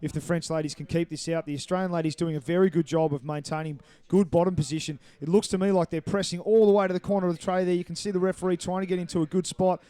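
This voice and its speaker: Man, sports commentator, live play-by-play, brisk, explanatory, mellow tone, smooth clear voice. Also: high voice, fairly even intonation, no echo. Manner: brisk, explanatory, apologetic over names.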